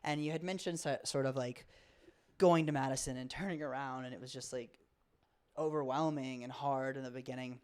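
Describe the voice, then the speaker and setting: A woman's voice: extremely low pitch, fairly even intonation, brisk, darkish tone, smooth. A woman from Florida co-hosting a podcast, chatty and joking as she tells a childhood story in casual conversation. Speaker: podcast co-host.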